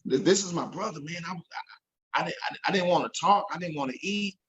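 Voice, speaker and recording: A man's voice: fairly high pitch, fast talker, a bit bright, dull audio. A man telling an emotional story as an interview guest, earnest and repeating himself when moved.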